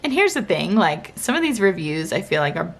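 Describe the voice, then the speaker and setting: A woman's voice: fairly low pitch, big pitch swings, brisk, vocal fry. A young woman talks through a family vlog in a loose, chatty way. She keeps circling back with "like" and small restarts as she thinks aloud about her kids. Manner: chatty, with many fillers and restarts. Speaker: vlogger, mother. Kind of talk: casual family vlog chat.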